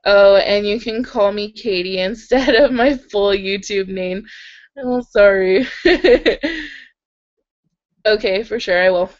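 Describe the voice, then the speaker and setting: A chatty young woman hosts a relaxed live stream from her bed, reading out viewer comments and answering with frequent giggles and "like"s. Her throat sounds a little sore, and the webcam audio comes through dull and lo-fi. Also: medium pitch, slow, pauses often. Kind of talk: casual live chat. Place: in bed at home.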